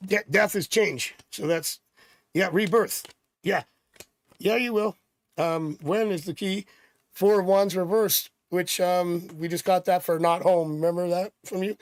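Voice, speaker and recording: A middle-aged man from Canada reads tarot on a live stream, wandering into chatty, jokey stories between cards. His voice sits fairly high with a gravelly rasp. The sound is dry and close, with no room echo. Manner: rambling, chatty, jokey asides. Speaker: tarot reader.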